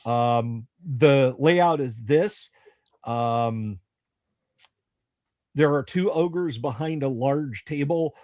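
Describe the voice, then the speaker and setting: A man runs a tabletop game on a livestream, laying out the scene slowly and with plenty of pauses and fillers. His voice sits mid-range and sounds close and dry, with no room around it. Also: mid-range voice, a little mellow, no echo. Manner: halting, many ums, deliberate descriptions. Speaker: dungeon master.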